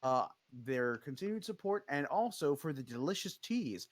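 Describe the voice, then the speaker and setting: A man's voice: on the high side, sing-song, moderate pace, dry recording. A man running a tabletop game as game master, talking casually with many fillers.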